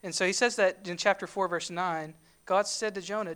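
A woman's voice: on the low side, fairly even intonation, moderate pace, fairly bright tone, smooth. A woman giving a sermon, conversational, with rhetorical questions and emphatic asides. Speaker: preacher.

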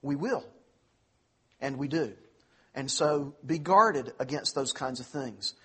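A man preaching a sermon as pastor, earnest, slowing down on key phrases and speeding through asides. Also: mid-range voice, slightly rough. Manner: earnest preaching, slows for emphasis, quick asides.

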